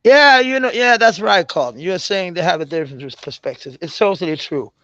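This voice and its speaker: A Danish man speaking English with a Danish accent tinged with American, chatting casually with viewers, halting and searching for words with many fillers and restarts. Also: high voice, expressive, a bit bright, no room sound, muffled recording. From Denmark. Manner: swears casually. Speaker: live-stream host chatting with viewers. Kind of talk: casual chat.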